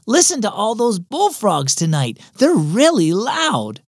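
A man's voice: high voice, huge pitch swings, measured pace, dry recording, studio quality, pitched above the performer's own voice, full character voice. A man voicing a young girl who sulks about her boring choir part, with a whiny, pouting manner. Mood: sulky.

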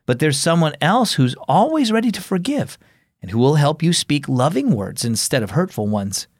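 A calm mother gives soft, reassuring advice in a storybook tale, as a man puts on her voice. She is pitched higher than a grown man would be, with a dry, close sound. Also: normal speed, no room sound. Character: gentle, wise mother.

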